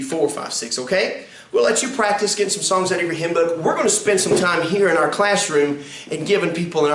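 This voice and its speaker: A man's voice: on the high side, fairly bright tone, distant mic, a little hiss or hum. A man teaching song leading in a classroom, counting beats and singing hymn lines to demonstrate. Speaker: music instructor. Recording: echoey room, recorded from afar.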